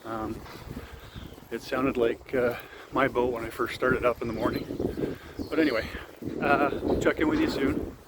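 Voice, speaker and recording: A man's voice: mid-range voice, fairly even intonation, measured pace, long pauses, heavy background noise. A Canadian man narrating a casual travel vlog, chatty and rambling with many fillers, recording outdoors and from a car. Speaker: travel vlogger. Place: outdoors and in a car, rainy town streets.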